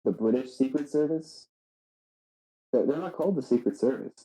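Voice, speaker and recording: A man guesting on a podcast, telling absurd made-up facts in a deadpan, halting way with many fillers. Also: medium pitch, poor audio. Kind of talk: deadpan comedic podcast chat.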